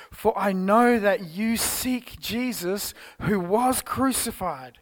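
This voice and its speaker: A man with an Australian accent preaching a church sermon, telling the story expressively and moving between loud exclamations and hushed tones. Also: sits high, lively intonation, unhurried, hardly any pauses. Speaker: pastor. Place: church service.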